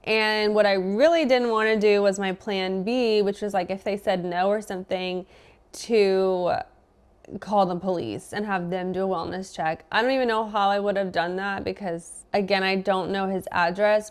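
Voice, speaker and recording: A young adult woman appears as a podcast guest, telling a personal story in casual chat with a mid-range voice. She acts out both sides of the conversation.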